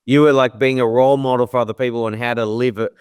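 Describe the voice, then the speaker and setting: A male podcast host asks his guest engaged, prompting questions and often repeats his opening words. His voice sits at a middle pitch and sounds smooth and clear. The recording is dry and close. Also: steady tone, fast talker, no echo. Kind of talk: interview questions.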